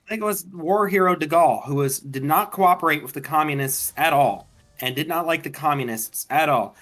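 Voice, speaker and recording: A man in casual game-stream chat who argues his points carefully and at length. Soft music plays faintly behind him. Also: fairly high pitch, fairly quick. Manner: argumentative, lecturing, careful. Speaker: streamer co-host. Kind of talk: casual chat while gaming.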